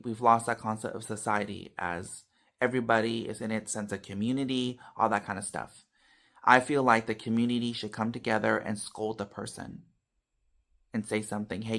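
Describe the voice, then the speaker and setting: A man vlogging casually to his viewers, telling a story with animated swings between loud and soft, tagging lines with "you know" and "okay.". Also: lowish voice, normal speed, gravelly. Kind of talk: casual talk to camera.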